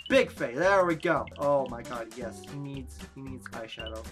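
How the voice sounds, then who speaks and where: A woman's voice: very deep voice, animated, normal speed, over music. A woman giving playful, jokey commentary while playing a video game. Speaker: let's play gamer. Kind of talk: casual gameplay commentary.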